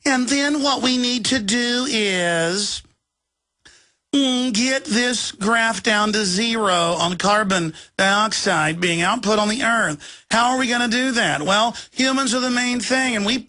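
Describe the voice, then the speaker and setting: A man's voice: very high voice, sharp tone, pitched above the performer's own voice, heavily acted. A man mocking a simpering nerdy billionaire. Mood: smug. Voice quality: thin, whiny, nasal mockery. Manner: mocking, drawn-out and hesitant with fake filler sounds.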